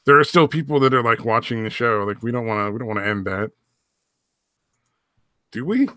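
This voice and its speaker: A man's voice: medium pitch, animated, a little fast, sharp tone, no room sound, studio quality. A man hosting a livestream, bantering casually with profane, self-mocking jokes and frequent laughter. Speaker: stream host.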